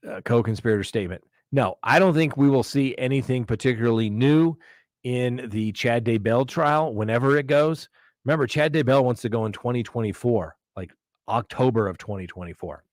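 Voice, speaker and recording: A man's voice: mid-range voice, darkish tone, no room sound, clean studio sound. A man hosting a live crime-talk stream, speaking like a defense attorney, with emphatic, ranting delivery and mocking quoted voices. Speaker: host. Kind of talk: live true-crime commentary.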